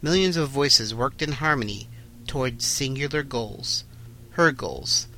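Male host-narrator, bright and forward, even mid-range voice. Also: medium pitch, a little hiss or hum, low-quality recording. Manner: announcing, then steady narration. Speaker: host and reader. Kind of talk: fan audio story reading.

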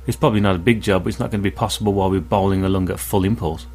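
A man's voice: low-pitched, fairly even intonation, rapid-fire, a little mellow. A man doing an injured grumbling lieutenant. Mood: grudging. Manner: muttering, grudging.

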